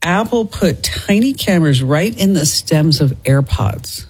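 A woman's voice: sits low, lively intonation, a little slow, darkish tone, husky. A woman hosting a tech radio show, chatting casually and upbeat, laughing often. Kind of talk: casual on-air banter.

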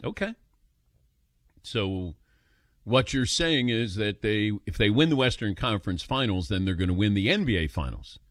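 A man's voice: on the low side, moderate pace, no room sound, clean studio sound. A man hosting a sports call-in radio show, telling stories with chuckles and taking calls. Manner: animated storyteller, chuckles while telling.

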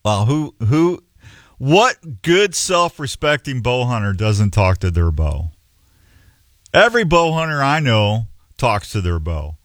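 A man's voice: medium pitch, very animated, measured pace, a bit bright, no room sound, clean studio sound. A middle-aged man hosting a show in a rambling, folksy, self-mocking way. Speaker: radio show host. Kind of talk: casual on-air chat.

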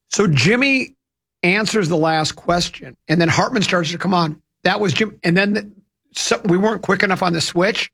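A man's voice: high-pitched, normal speed, vocal fry, fairly bright tone, breathy edge. A man hosting a radio talk show, telling rambling, chatty anecdotes into a studio microphone. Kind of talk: casual radio storytelling.

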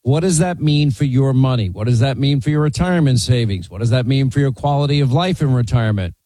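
A man's voice: fast talker, dark tone, dry recording. A man hosting a talk radio show, reading an emphatic sponsor ad. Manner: emphatic, pitching. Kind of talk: host-read radio ad.

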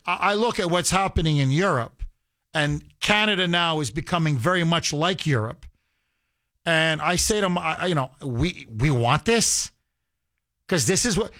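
A man's voice: sits high, fairly bright tone. A male talk radio host giving emphatic, heated commentary with lots of repetition.

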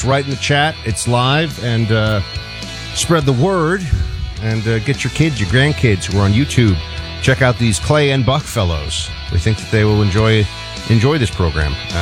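A man hosts a talk radio show, teasing and playful while out of breath. His voice sits at mid pitch, and faint guitar music plays underneath. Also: expressive, normal speed. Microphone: studio microphone.

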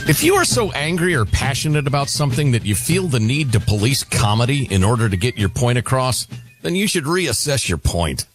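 A middle-aged man hosting a radio talk show, reading listener emails aloud with quick, wry asides. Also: medium pitch, very animated, music in the background.

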